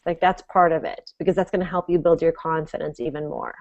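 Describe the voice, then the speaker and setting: A woman's voice: low-pitched, fairly even intonation, quick pace, dull audio, a crowd in the background. A woman guest on a web show, giving chatty, emphatic business advice with lots of "like" and restarts. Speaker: guest, author and business coach. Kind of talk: casual interview on a web show.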